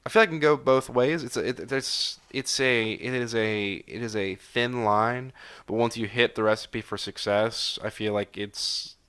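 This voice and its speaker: A man's voice: medium pitch, normal speed, a bit bright, clean tone. A tired man in his twenties hosting a casual solo podcast, rambling with lots of fillers and self-corrections. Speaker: podcast host. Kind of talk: casual solo review chat.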